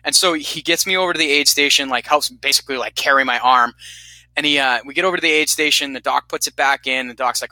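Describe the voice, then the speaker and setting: A man in his thirties from Vermont casually telling animated, profane stories about his army days. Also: medium pitch, fast talker, no echo, poor audio. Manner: profane, animated storyteller who acts out quotes. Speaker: guest telling war stories. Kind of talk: casual storytelling.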